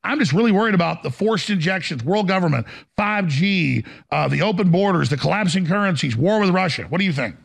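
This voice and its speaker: A man's voice: high voice, expressive, brisk, gravelly. A man hosting a talk show, flustered and rambling.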